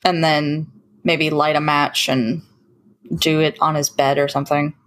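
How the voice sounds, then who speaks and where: A woman taking part as a player in a tabletop game, talking in a slow, easygoing way. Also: low voice, level tone, rough recording. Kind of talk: casual tabletop play.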